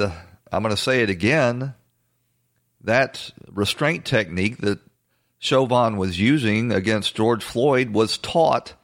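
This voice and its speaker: A man with a fairly low voice hosts a political commentary monologue. He speaks bluntly and assertively. He hesitates often and fills the pauses with fillers and restarts. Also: a bit bright. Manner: halting, with frequent fillers and restarts. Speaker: host.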